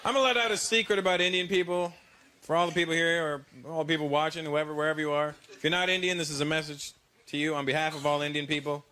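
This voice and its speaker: A man with a Canadian accent doing a brash, animated stand-up comedy routine on stage. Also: a little high, fast talker. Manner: brash, animated, mock-confidential. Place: stage before a live audience. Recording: loud noisy live stage recording.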